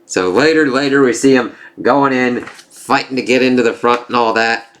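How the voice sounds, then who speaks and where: A man's voice: medium pitch, moderate pace, a bit bright. A man giving a casual spoken comic book review, loose and profane. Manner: casual, swears, laughs at the jokes.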